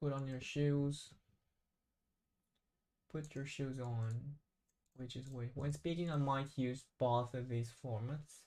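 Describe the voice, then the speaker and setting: Halting man thinking aloud while studying. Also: medium pitch, fairly even intonation, warm tone. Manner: hesitant, halting, constantly restarting and self-correcting. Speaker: English learner. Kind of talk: self-study vocabulary practice, thinking aloud.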